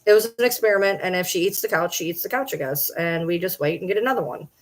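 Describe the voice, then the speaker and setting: Casting note: woman with a slightly low voice, exasperated home vlogger venting to camera, swears a lot, repeats lines. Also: expressive, fast talker. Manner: frustrated, swearing, repeats herself. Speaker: vlogger and livestreamer. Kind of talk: casual rant to camera.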